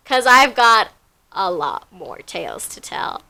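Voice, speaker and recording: Young woman, storytime vlogger, chatty, animated, filler-heavy, bright tone. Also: a little high, takes it slowly, gravelly, smooth. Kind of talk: casual storytime monologue.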